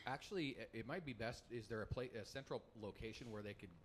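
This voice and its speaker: A man hosting a live local radio show, chatty and relaxed, sometimes stumbling over his words. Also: medium pitch, quick pace, slight background noise. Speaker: radio host. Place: hotel lobby broadcast.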